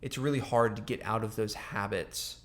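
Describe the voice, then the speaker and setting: Speaking at a moderate pace, this young man on the podcast has a lowish voice and a steady tone. He's a co-host in loose, rambling conversation, with plenty of filler words and restarts.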